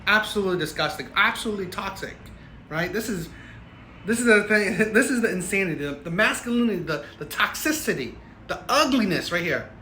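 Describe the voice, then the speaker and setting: Ranting man with a slightly high voice. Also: animated, brisk, sharp tone, a little hiss or hum. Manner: ranting, keeps asking "right?". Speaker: commentary host. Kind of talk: reaction commentary. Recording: echoey room.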